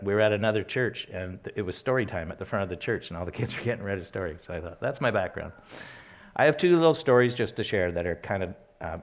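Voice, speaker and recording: A man giving a church sermon in a conversational way, telling personal stories and reading scripture, with restarts and corrections. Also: lowish voice. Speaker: church speaker.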